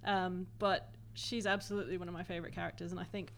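A woman's voice: on the low side, flat delivery, fast, a loud crowd. A woman moderating a live panel discussion, chatty, with hesitant fillers.

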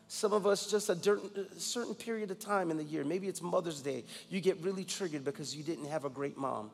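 Gravelly male preacher in echoing hall. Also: a little high, fairly quick. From New York, US. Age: 40s. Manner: emphatic personal storytelling. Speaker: guest pastor. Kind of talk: sermon.

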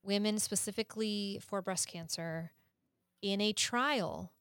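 In a measured, medium-pitched voice with a fairly bright, clean tone, this podcast co-host earnestly explains things while chatting casually, laughing a lot and dropping the occasional curse. The studio recording is dry and clean.

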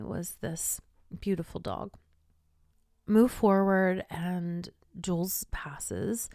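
A woman's voice: fairly low pitch, vocal fry, a little mellow, clean tone, dry recording, clean studio sound. An older woman hosting a podcast, telling a personal story with feeling and sometimes dropping to a whisper. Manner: emotional, drops to whispers in tender moments. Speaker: podcast host.

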